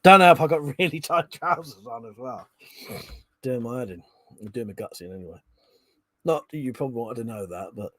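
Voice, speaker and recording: Brisk and expressive, this British livestream host speaks at medium pitch with a pushed, bright quality in a dry recording. He chats away loosely, swearing freely as he reads viewers' comments aloud.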